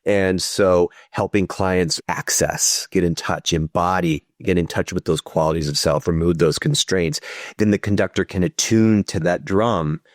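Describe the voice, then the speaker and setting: A male psychotherapist talking through ideas in a relaxed podcast interview, sometimes acting out inner voices. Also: low voice, unhurried, dry recording, clean studio sound. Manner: thoughtful, explanatory, acts out inner voices. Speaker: psychotherapist guest.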